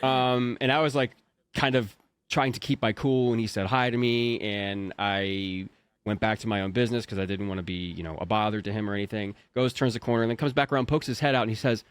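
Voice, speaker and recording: A man's voice: mid-range voice, lively intonation, fairly quick, dry recording. A man in his thirties, a voice actor, telling a story in casual chat and acting out his own panicked thoughts. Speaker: voice actor guest.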